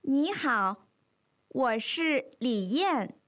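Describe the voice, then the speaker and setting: A woman's voice: sits high, lively intonation, drawn-out words, a bit bright, heavily acted. A woman playing a polite young visitor. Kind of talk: scripted lesson dialogue.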